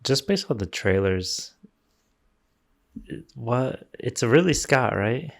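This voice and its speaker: A man's voice: mid-range voice, animated, slow pace, gravelly. A man co-hosting a casual movie podcast, ranting with strong opinions. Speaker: podcast co-host. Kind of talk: casual chat.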